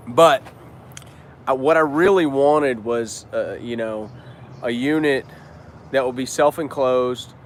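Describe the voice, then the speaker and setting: A business owner and trainer hosts a casual live stream, answering viewer questions loosely with slang and free cussing. His voice is mid-range, with slight background noise.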